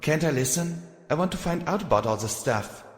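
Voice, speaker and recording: A man's voice: a little high, lively intonation, brisk, pitched above the performer's own voice, lightly acted. A man voicing a timid, curious young colt who pleads meekly, in an echoey room with long reverb. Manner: meek, pleading.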